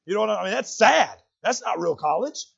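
A man preaching a sermon in a church, earnest and full of restarts, sometimes rising to near-shouts. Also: high voice, very animated, fairly quick, gravelly, husky, highs cut off. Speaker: pastor. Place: church sanctuary.

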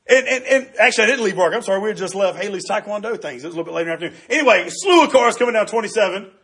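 Man preaching, high voice, husky tone, middle-aged, conversational sermon, keeps checking in with listeners. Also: very fast, hardly any pauses. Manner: lively, conversational preaching with frequent "right?" asides. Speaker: pastor.

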